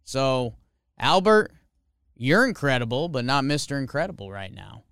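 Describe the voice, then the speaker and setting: A man's voice: medium pitch, expressive, normal speed, gravelly, fairly bright tone, clear, resonant tone, no room sound, clean studio sound. A man co-hosting a sports podcast, presenting a joking award in casual, playful chat. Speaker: podcast co-host.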